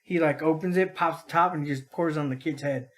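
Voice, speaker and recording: Laid-back man, slightly high voice. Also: fairly quick, slight background noise. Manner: laid-back, rambling with fillers. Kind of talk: casual chat.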